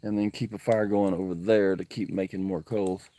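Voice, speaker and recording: A man's voice: low voice, steady tone, normal speed, dark tone, no echo. A man, livestreaming from an outdoor campsite, talking earnestly and emotionally to viewers and reading out their comments. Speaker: camping livestreamer. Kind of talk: casual livestream chat.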